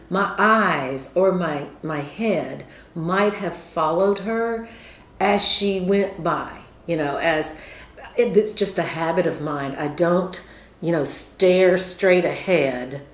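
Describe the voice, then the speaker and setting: A woman's voice: lowish voice, takes it slowly. A woman with a Southern American accent, telling a story casually to her viewers in a chatty, rambling way with lots of fillers. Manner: chatty, rambling with many fillers, laughs often. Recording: roomy echo.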